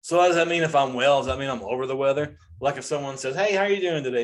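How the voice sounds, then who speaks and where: A man's voice: medium pitch, rapid-fire. A forty-three-year-old male comedian ranting in an exasperated, incredulous way about common sayings. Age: 40s. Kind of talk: comedic rant.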